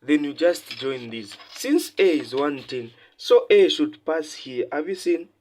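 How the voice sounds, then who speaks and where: A man tutoring a lesson, explaining step by step and often asking his listeners whether they have seen what he means, his voice rising and getting louder when he stresses a point. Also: sing-song, measured pace. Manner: repetitive teacher questions, checks understanding often; emphatic rises in pitch and loudness when stressing points. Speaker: math tutor. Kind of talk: classroom lesson explaining steps.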